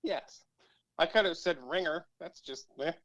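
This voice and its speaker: A man's voice: on the high side, moderate pace, fairly bright tone, no echo. A man playing a comedic game show over a phone call, bluffing and joking with mock indignation and some swearing. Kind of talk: casual comedic banter.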